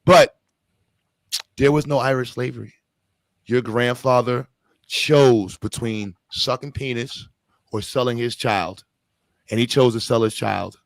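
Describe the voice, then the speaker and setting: A man's voice: mid-range voice, measured pace, vocal fry, pauses often, no echo, clean studio sound. A man hosting a podcast, ranting in a blunt, profane, slangy way. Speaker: podcast host. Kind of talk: heated casual rant.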